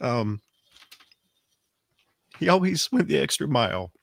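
A man's voice: on the high side, very animated, takes it slowly, creaky, dry recording. A man from the American South with a Southern accent, telling a rambling family story in casual chat, with frequent restarts. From Alabama, US South.

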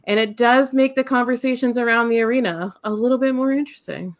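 A woman, co-hosting a podcast and telling stories in an unhurried, casual way with laughs. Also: fairly high pitch. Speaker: podcast co-host.

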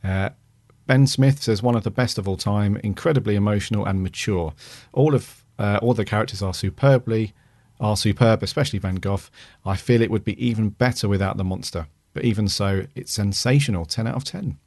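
Low-voiced podcast host reading reviews. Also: male voice, brisk, gravelly, no echo, studio quality. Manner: relaxed, reads aloud with fillers. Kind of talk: casual podcast chat, reading listener reviews.

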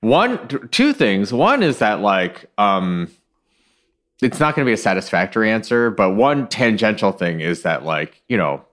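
A man's voice: fairly low pitch, very animated, moderate pace, a bit bright. A man co-hosting a casual podcast, talking things through in a thoughtful, hedging, digressive way on a studio mic. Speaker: podcast co-host.

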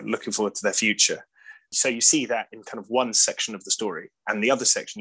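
A man with an English accent chats loosely in an interview, circling through restarts and filler words. His voice is bright and forward. He laughs easily as he goes. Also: on the low side, breathy edge, low-quality recording. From Britain. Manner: rambling, full of "like" and restarts, laughs often. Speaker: actor guest. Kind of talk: casual interview chat.

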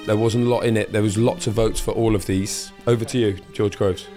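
A man's voice: lowish voice, fairly quick, soft background music. A man co-hosting a podcast in casual, playful chat. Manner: chatty, playful, excitable. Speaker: podcast co-host.

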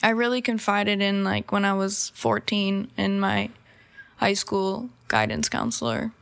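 A woman's voice: medium pitch, flat delivery, a little slow, gravelly. A young woman in her early twenties, answering interview questions casually and hesitantly with many fillers. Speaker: guest.

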